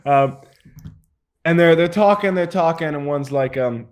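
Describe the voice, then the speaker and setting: A man's voice: fairly high pitch, measured pace. A man narrating as game master, rambling with many fillers and laughs. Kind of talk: improvised tabletop game narration.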